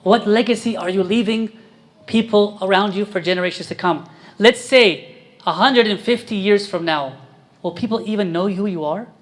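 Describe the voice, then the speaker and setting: A man's voice: high-pitched, normal speed. A man preaching a sermon as a priest, quizzing his congregation and pressing his points with emphasis.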